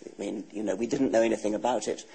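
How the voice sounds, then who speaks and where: A man in his sixties with an English accent, a guest author answering questions in a TV studio interview in a measured, dry, matter-of-fact way. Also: lowish voice, fairly even intonation, creaky, dark tone, slight background noise, low-quality recording. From England. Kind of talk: TV talk show interview.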